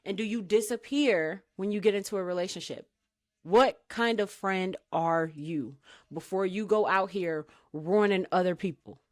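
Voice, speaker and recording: A woman's voice: medium pitch, moderate pace. A woman co-hosting a casual podcast chat, giving emphatic, preachy advice and often asking the listener for agreement. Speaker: podcast co-host.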